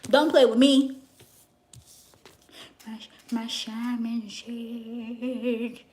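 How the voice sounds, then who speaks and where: A young woman who works as a psychic reader, telling a story to her viewers in a brash, animated way and swearing freely. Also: a little high, extremely slow, a little hiss or hum.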